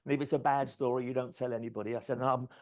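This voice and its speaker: A middle-aged man giving a keynote talk, telling lively anecdotes, swearing freely and acting out quoted conversations. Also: medium pitch, fast. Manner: animated anecdotal storytelling, swears freely, acts out quoted dialogue. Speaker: conference speaker. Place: event stage.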